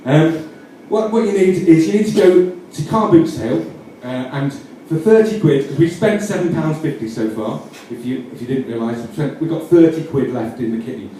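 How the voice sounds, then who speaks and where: Deadpan Yorkshire man in an echoey room. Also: a little high, moderate pace, few pauses. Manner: mock-earnest, rambling with self-corrections. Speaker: comedian. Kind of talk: deadpan comic instructions. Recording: roomy echo, distant mic, faint noise.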